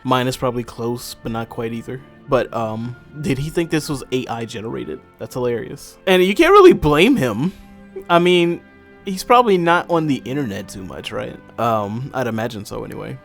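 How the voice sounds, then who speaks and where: A young man with a gravelly, fry-edged voice talks through a casual reaction commentary. He rambles in a relaxed way and keeps calling the listener "bro." A faint bit of music sits underneath. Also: medium pitch, normal speed. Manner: rambling, laid-back, says "bro" often. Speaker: host.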